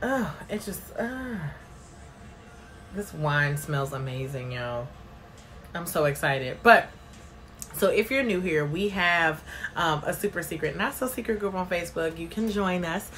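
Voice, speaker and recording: Bubbly, bright-voiced woman hosting a livestream. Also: fairly low pitch, expressive, measured pace. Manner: bubbly, chatty, greets viewers by name. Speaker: livestream host. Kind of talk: casual live-stream chat reading viewer comments.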